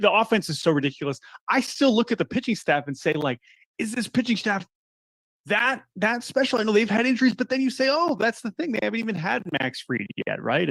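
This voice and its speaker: A man talking baseball as a guest on a sports radio show, animated and often restarting his words, calling in by phone. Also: medium pitch, no echo. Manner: animated, repeats words when starting thoughts. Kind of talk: casual sports radio chat. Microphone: phone line call-in.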